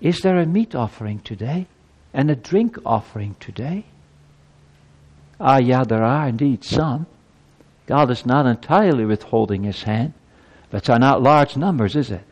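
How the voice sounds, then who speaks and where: A man delivers an earnest sermon at an ordinary middle pitch. He lifts his voice when he reads scripture and presses the congregation with rhetorical questions. His voice carries a long reverb, as in a church sanctuary. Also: animated, normal speed, long pauses, darkish tone, highs cut off. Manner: earnest preaching, rising emphasis on scripture quotes, rhetorical questions. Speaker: preacher.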